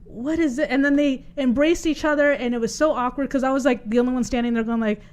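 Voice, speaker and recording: A woman's voice: high-pitched, steady tone, quick pace, clean tone. A woman hosting a podcast in a radio studio, a chatty storyteller who laughs often. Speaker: podcast host. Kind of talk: casual chat.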